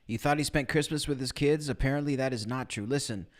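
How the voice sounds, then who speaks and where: A man's voice: medium pitch, fast talker. Man hosting a livestream recap. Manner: explains to the chat directly. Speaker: podcast host. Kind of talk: livestream commentary.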